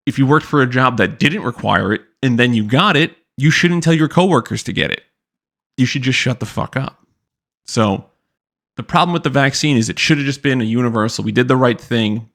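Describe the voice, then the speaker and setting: A man's voice: medium pitch, creaky, a bit bright. A young man hosting a podcast, ranting bluntly with constant swearing and mocking impressions of people. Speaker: podcast host. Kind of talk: profane ranting commentary.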